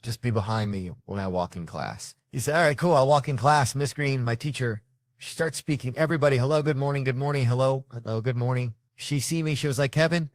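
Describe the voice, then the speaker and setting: A man's voice: mid-range voice, brisk, dry recording. A man doing stand-up storytelling, brash and profane, jumping into other people's voices as he acts out his stories. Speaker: stand-up comedian.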